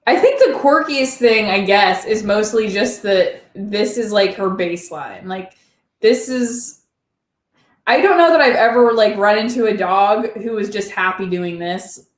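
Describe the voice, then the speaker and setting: A woman's voice: mid-range voice, animated, measured pace, echoey room. A woman hosting a casual chat, talking loosely with a lot of "like" and laughing easily. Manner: chatty, lots of "like", laughs easily. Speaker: channel host.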